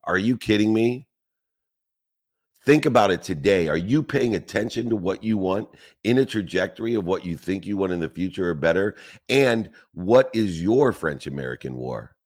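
A man with a very low, deep voice delivers a motivational talk. He builds long repetitive lists and drives them home with emphatic rhetorical questions. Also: animated, moderate pace, a little mellow. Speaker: motivational speaker.

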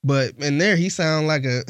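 A man in casual conversation, relaxed and colloquial, often pausing on fillers. His voice sits a little high. The sound is close and dry. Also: no room sound. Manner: laid-back, colloquial, hesitant with fillers. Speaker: podcast co-host. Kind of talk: casual chat.

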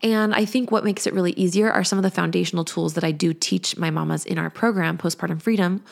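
A woman's voice: fairly low pitch, fairly even intonation, quick pace, creaky. A woman in her thirties, a parenting coach, talking candidly and chattily in a reflective podcast chat. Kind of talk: casual podcast talk.

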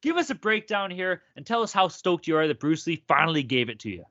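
A man hosting a sports podcast, hyped and teasing, with a higher voice that swings widely. The sound is dry and dull, with a lo-fi quality. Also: sing-song, fast, pushed and bright, dry recording. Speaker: podcast host. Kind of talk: casual sports chat.

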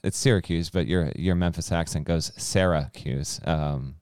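Brief: man, low smooth voice, podcast co-host, teasing betting analysis. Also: moderate pace, a little mellow, dry recording, clean studio sound. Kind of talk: casual sports chat.

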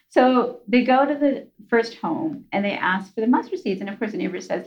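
A woman's voice: on the high side, lively intonation, brisk, hardly any pauses, lo-fi sound. A middle-aged woman guest on a podcast, telling a story in a chatty, conversational way with many fillers. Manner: chatty, frequent fillers and restarts.

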